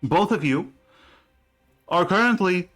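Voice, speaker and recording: A man narrating a tabletop game as game master, halting with many restarts. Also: high voice, expressive, fairly bright tone, soft background music.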